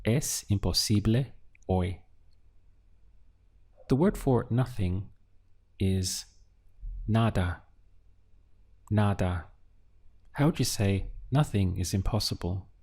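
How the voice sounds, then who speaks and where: A man teaching a language lesson, speaking calmly and patiently and pausing often so the listener can answer. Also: lowish voice, slightly rough. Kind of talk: slow, deliberate language lesson.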